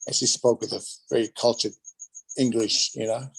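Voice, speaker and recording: A man spins loose, rambling stories in a relaxed interview, doubling back and filling gaps with asides. His pitch sits in an ordinary middle range. The telling stays animated throughout. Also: moderate pace, gravelly, a little hiss or hum, low-quality recording. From Australia. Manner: rambling, animated, lots of fillers. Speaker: guest, retired wrestler. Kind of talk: casual storytelling interview.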